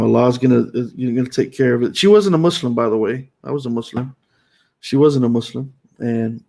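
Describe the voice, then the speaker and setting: A middle-aged man speaking in an earnest, emphatic way, often repeating himself and restarting his phrases as he tells his own story. His voice sits at an ordinary middle pitch for a man. He sounds like a host talking straight to his audience on a live stream. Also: darkish tone. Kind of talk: personal testimony on a live stream.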